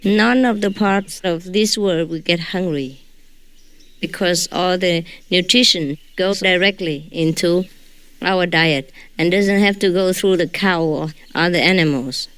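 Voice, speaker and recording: A woman's voice: on the low side, unhurried, clear, resonant tone. A woman who is not a native English speaker gives an informal, joking talk to her followers as a spiritual teacher. She often tags her sentences with a questioning "huh?".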